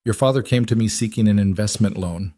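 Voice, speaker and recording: A man's voice: fairly low pitch, no echo, clean studio sound, close to an everyday voice. Man playing a cold Italian crime boss. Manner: deliberate, quietly menacing.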